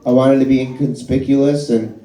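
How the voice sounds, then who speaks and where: Middle-aged comedian, warm voice, echoey room. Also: male voice, mid-range voice, steady tone, moderate pace. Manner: rambling, self-deprecating, profane storytelling. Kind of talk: stand-up comedy. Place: bar and grill.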